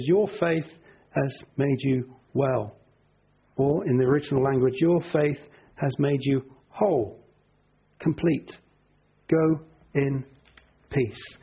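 Gravelly preacher, middle-aged man. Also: on the high side, dull audio. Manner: earnest, repeats words when emphasizing. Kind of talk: sermon.

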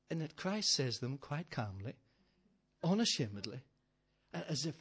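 A man preaching a sermon, emphatic and building his points through repeated phrases, with touches of gentle humour. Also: mid-range voice, sing-song, measured pace, pauses often, husky.

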